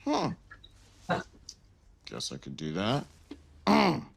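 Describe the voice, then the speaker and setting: An actor playing a calm, smug man egging on a fight in a comedy sketch, dry and drawn-out. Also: mid-range voice, gravelly, a crowd in the background, full character voice. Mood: cool taunting.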